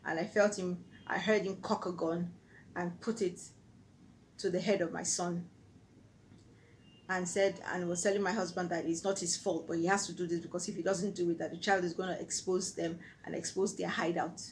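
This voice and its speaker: Nigerian lady vlogging a personal story, earnest, lowish voice. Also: steady tone, moderate pace, a little hiss or hum, poor audio. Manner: earnest, vivid retelling.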